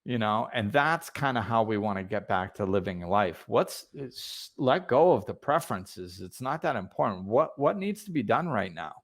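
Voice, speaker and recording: A man's voice: on the low side, big pitch swings, normal speed, few pauses. A man hosting a podcast, telling a spiritual story in a loose, casual way full of fillers and restarts. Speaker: podcast host.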